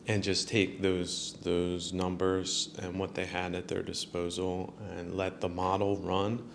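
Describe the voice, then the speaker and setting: A man's voice: low-pitched, vocal fry, slight background noise. A man hosting a solo podcast, rambling through his thoughts with many fillers and chuckling at his own jokes. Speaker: podcast host.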